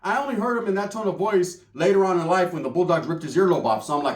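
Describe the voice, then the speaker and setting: A young man from spins a crude comic story in loose, profane street slang. His voice sits fairly high, and it rings around a roomy space. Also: quick pace. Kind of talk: comedic storytelling. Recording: roomy echo.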